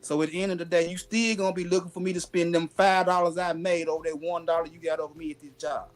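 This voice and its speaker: A man, chatting casually as a host with animated, slangy storytelling. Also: on the high side, fast. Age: adult with a daughter. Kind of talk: casual chat.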